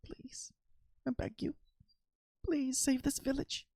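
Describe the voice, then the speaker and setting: Woman doing a high, frightened young girl. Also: flat delivery, slow, creaky, darkish tone, no room sound, exaggerated voice. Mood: prayerful. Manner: pleading, desperate. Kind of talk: reading a story game aloud.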